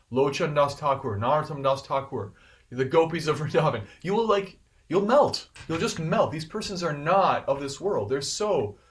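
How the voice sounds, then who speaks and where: A man giving a devotional scripture class in an earnest, animated way, repeating phrases for emphasis. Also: mid-range voice, distant mic.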